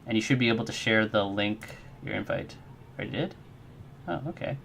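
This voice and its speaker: A man's voice: lowish voice, lively intonation, moderate pace, creaky, fairly bright tone, a little hiss or hum. A man streaming his game development work, chatting casually with viewers in a rambling, friendly, encouraging way and answering chat.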